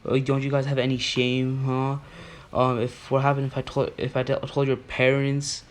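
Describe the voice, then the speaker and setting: A young man imitating an angry, entitled female teacher, speaking in a shrill, accusing voice. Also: completely flat delivery, normal speed, close to an everyday voice. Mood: scolding.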